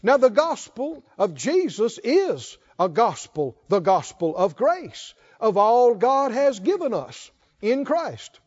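High-voiced man preaching slowly. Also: sing-song, highs cut off. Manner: preaching, slow and emphatic, rising to fervent calls. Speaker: pastor. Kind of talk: sermon.

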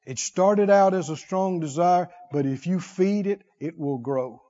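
A man preaching a sermon, animated, with call-and-response and comic asides. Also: sits high, measured pace, big-room sound, dull audio.

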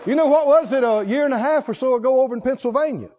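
Man, pastor, sermon, very high pitch, folksy storytelling, builds to shouting, muffled lo-fi sound. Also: very fast, a crowd in the background, background noise. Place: church sanctuary.

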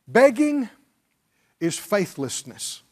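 Animated high-voiced preacher. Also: male voice, takes it slowly. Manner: preaching with call-and-response, mimicking pleading prayers. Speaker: pastor. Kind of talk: sermon.

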